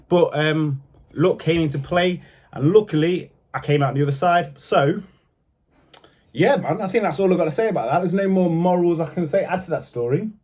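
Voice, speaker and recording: A young man talks straight to camera in casual, unpolished storytelling. His voice sits a little high, and he swears freely. He moves from angry outbursts to low, rueful regret. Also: a little mellow, slightly rough. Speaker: vlogger telling his own story.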